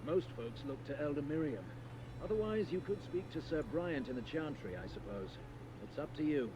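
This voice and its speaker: A man's voice: fairly high pitch, lively intonation, normal speed, noisy background, lightly acted. A man voicing a weary male templar guard in a fantasy video game who gives blunt, grim warnings.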